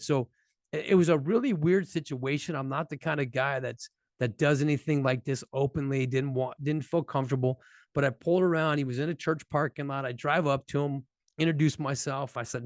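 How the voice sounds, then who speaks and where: A middle-aged man giving an earnest personal testimony to a group, halting and restarting as he speaks. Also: mid-range voice, no room sound, studio quality. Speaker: speaker addressing first responders.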